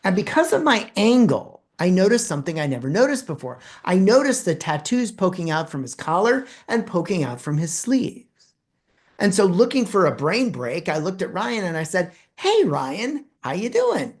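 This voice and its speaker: A man presenting a talk, telling a personal story with dramatic pauses and acted-out dialogue. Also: high voice, sing-song.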